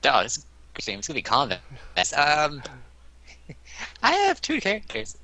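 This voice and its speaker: Excitable, animated male player. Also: a little high, measured pace. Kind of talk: tabletop game play.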